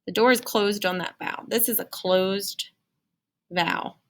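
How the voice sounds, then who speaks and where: A woman's voice: mid-range voice, a little slow. A woman teaching a phonics lesson to children in a singsong, encouraging way. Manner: singsong, encouraging, talks to young learners.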